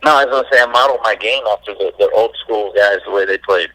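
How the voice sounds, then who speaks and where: A man, a former baseball pitcher, telling stories as a guest in a casual interview, laid-back and laughing as he goes. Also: quick pace, pushed and bright, no echo, low-quality recording.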